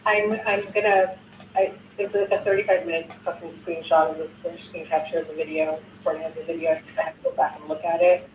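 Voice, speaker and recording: A woman's voice: low voice, little pitch movement, fairly quick, a little mellow. An older woman in her sixties, a content creator, recounting a video in a casual, indignant way, swearing often and restarting sentences. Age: 60s. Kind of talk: casual recap of a news video. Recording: roomy sound from a distance, faint noise.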